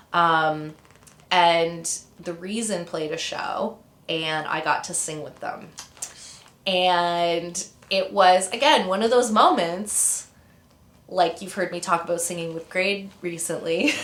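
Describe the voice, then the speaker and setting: A woman in her thirties from Ontario, Canada, is an interview guest, casually telling rambling stories full of fillers and tangents. Her voice sits fairly low with a fairly bright tone, and the recording sounds roomy.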